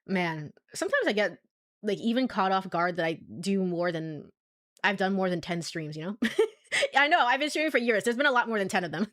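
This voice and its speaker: A woman's voice: medium pitch, lively intonation, a little fast, a bit bright, no room sound, studio quality. A young woman streaming a game, chatting casually and laughing often. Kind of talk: casual gameplay commentary.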